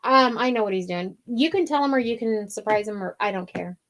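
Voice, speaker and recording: She co-hosts a craft show about making wreaths, and her mid-range voice moves briskly. In casual conversation she rambles through a lengthy story loaded with filler words.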